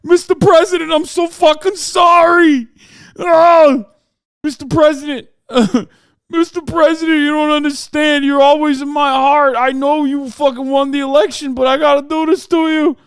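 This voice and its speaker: A sobbing New York cop. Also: male voice, very high voice, little pitch movement, normal speed, no room sound, pitched above the performer's own voice. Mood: tearful pleading. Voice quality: loud, strained, tearful. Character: weeping tough male police officer with thick local accent.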